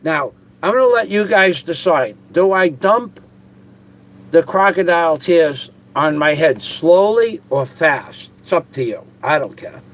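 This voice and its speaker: A man's voice: on the high side, animated, unhurried, fairly bright tone, rough recording. Rambling, cursing man on a home vlog. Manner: profane, rambling, talks to viewers directly. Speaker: video host.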